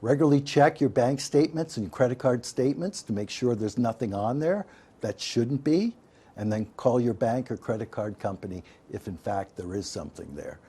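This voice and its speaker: A man teaches a lesson on staying safe online in a folksy, emphatic way, often calling his listeners "folks." His mid-range voice is animated, warm, and slightly rough, moving at a normal speed.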